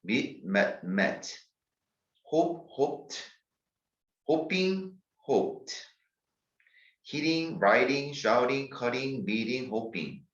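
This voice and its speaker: Male English teacher, Korean accent, slow and deliberate, spells words letter by letter; distant echoey lo-fi room sound. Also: mid-range voice, lively intonation. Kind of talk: grammar lecture.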